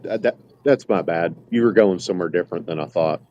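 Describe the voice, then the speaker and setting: A man's voice: low voice, fairly quick, mellow, lo-fi sound, a little hiss or hum. A man co-hosting a casual podcast, joking around and hesitating with fillers. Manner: joking, hesitant, laid-back. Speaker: podcast co-host. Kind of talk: casual chat.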